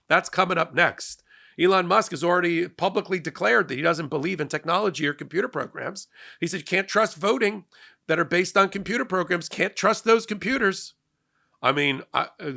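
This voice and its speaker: On his show about law and politics, a man speaks in a sarcastic monologue, tending to repeat words when launching into sentences. His voice runs high, gravelly and bright, with a forceful edge.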